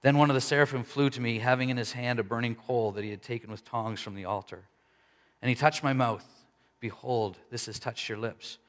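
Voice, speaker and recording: A man preaching a sermon, conversational and animated, voicing the people in his story. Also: medium pitch, fast. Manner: conversational preaching with dramatic quoted dialogue. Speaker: pastor. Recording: long hall reverb.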